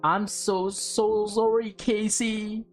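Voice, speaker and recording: A woman's voice: medium pitch, little pitch movement, slow, faint music behind, pitched above the performer's own voice, lightly acted. A woman voicing a remorseful teenage boy in a game who apologizes in broken phrases.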